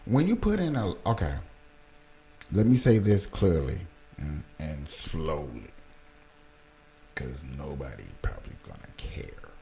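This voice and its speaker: A man hosting a livestream, reacting to a clip and talking slowly and emphatically to his chat. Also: a bass voice, sing-song, vocal fry, warm tone, slight background noise. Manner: slow, emphatic, talks to chat, jokes. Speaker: livestream host. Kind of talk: casual commentary on a played clip.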